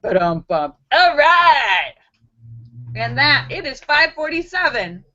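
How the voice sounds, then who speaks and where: A woman's voice: sits high, very animated, bright, forceful tone, lo-fi sound. A woman hosting a livestream, reading viewers' jokes aloud in a casual way, laughing often and putting on voices for the quotes. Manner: reads slowly, laughs at her own jokes, puts on voices for quotes.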